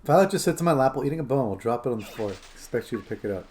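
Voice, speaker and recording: This streamer's voice is mid-range and darkish, animated and racing, with a little hiss or hum on the recording. He plays a game while chatting and rambling casually, addressing both chat and his phone.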